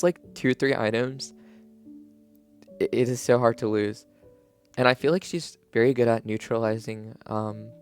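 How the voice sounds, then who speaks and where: A man talks through game patch changes in a loose, rambling way, restarting sentences and leaning on "like" constantly. His voice is smooth and clear, though still groggy from just waking up, with soft guitar music playing faintly underneath. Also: mid-range voice. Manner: rambling, heavy use of "like", frequent restarts. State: just woke up, morning voice. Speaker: video creator reviewing game patch notes. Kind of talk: casual unscripted commentary.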